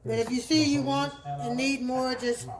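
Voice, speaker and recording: A woman's voice: high voice, fairly even intonation, normal speed, crowd noise, low-quality recording. A woman from Texas, chatting her way through a home cooking demonstration in a kitchen. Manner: chatty, homey, repeats words while explaining. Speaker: cooking vlogger.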